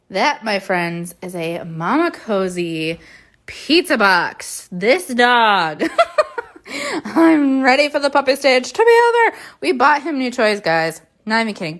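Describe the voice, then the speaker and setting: Woman vlogger chatting away, rambly, lots of "like"s and laughing, middle pitch. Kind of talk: casual chat.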